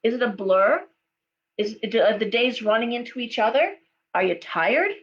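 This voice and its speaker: With a slightly high, animated voice at a moderate pace, a middle-aged woman conducts a live tarot reading. She rambles into stories in a chatty way, peppering her talk with okays and ums, over dull lo-fi sound and a faint hum.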